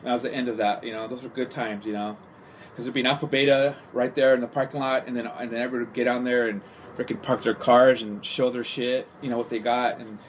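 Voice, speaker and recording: Middle-aged man from California, rambling profane storyteller, mid-pitched, light background hiss. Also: fairly even intonation, fast. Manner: rambling, profane, heavy on "you know". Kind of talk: casual podcast storytelling.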